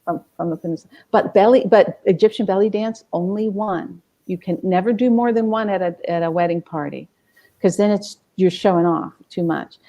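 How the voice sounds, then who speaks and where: Middle-aged woman scholar in an interview, lively, acts out quotes, mid pitch. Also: brisk. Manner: animated, acts out quoted people. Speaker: music scholar, interview guest.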